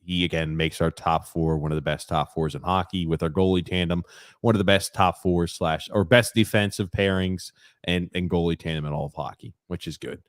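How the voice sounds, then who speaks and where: Deep-voiced man reading chat comments. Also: fairly even intonation, fairly quick, no room sound, studio quality. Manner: reads out live chat comments. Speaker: podcast co-host. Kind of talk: casual sports chat.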